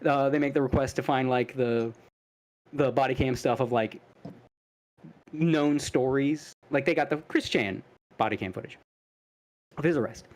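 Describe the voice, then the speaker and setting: A man co-hosting a podcast, ranting in a crude, rambling, animated way and slipping into mocking put-on voices. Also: mid-range voice, normal speed, long pauses, poor audio. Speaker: podcast co-host. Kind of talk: casual podcast chat.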